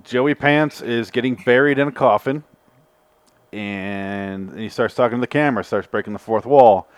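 A young adult man hosts a podcast, talking loosely with friends and cursing as he laughs through a review. His voice sits mid-pitch. The recording is dry and close. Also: moderate pace, clear, resonant tone, dry recording. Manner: profane, laughing banter. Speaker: podcast host. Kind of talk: casual chat, reviewing an episode.

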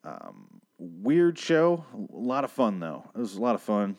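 A man's voice: lowish voice, big pitch swings, measured pace, a little mellow. A man from Michigan hosting a podcast, ranting in a rambling, sarcastic and profane casual monologue. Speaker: podcast host.

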